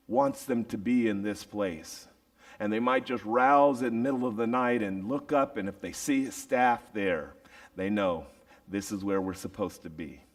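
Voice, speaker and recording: A man who is a teacher and preacher, telling a story. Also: lowish voice. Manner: animated storytelling with dramatic pauses. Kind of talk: storytelling sermon.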